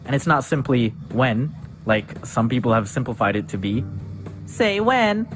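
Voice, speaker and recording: A man narrating a comedic animated video in a playful, jokey way. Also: mid-range voice, moderate pace. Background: music.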